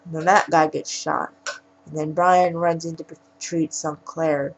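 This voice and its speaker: Brief: woman film reviewer, low voice with vocal fry, casual rambling recap. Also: level tone, a little slow, poor audio. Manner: rambling retelling with frequent restarts. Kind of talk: casual spoken plot recap.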